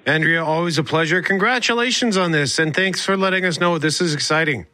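A man's voice: a little high, fairly quick, pushed and bright, no echo. An upbeat male host introducing and thanking a guest. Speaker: show host. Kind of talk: TV interview hosting.

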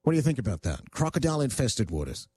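Australian male radio host, 40s, rambling joker, mid-pitched, dry studio sound. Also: very animated, fast talker, warm tone, slightly rough, no room sound. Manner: rambling, joking, many "uh" fillers. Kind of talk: casual radio chat.

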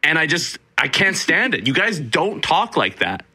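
Young dude on radio, super bright tone, ranting and laughing. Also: male voice, fairly high pitch, moderate pace, breathy edge. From Canada. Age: young adult. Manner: animated, laughs while ranting. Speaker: radio show co-host. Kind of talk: casual radio chat.

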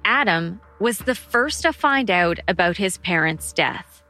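Female narrator, bright tone, even measured read. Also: medium pitch, faint music behind. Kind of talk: scripted narration.

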